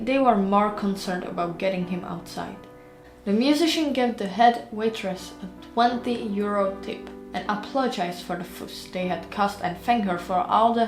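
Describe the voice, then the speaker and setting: Casting: woman narrator for a fan audiobook, mid pitch, roomy room, faint music underneath. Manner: plain storytelling, chatty in outro.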